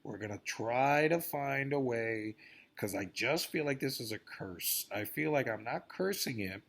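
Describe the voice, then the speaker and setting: Profane man ranting with lively pitch. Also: measured pace. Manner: profane, rambling, swings between grumbling and outbursts. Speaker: vlogger. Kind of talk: rambling celebrity-news rant.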